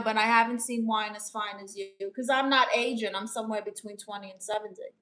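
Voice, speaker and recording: A woman with a New York accent, her voice bright and forceful and pitched a little high. She chats on a live stream, reading out viewers' comments and answering each one in a playful auntie manner, calling people honey. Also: a little fast, hardly any pauses. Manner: chatty, calls viewers honey, playful aunt persona. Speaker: live streamer giving advice.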